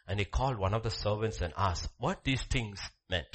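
A man preaching a sermon in a church, swinging between soft asides and loud, animated emphasis. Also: fairly low pitch, normal speed. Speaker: pastor.

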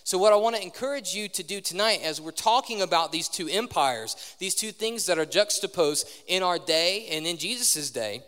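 Young male preacher, higher voice, casual sermon with crowd questions, long church-hall reverb. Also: lively intonation, moderate pace, hardly any pauses, bright, forceful tone. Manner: conversational, quizzes the audience. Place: large church hall with live audience.

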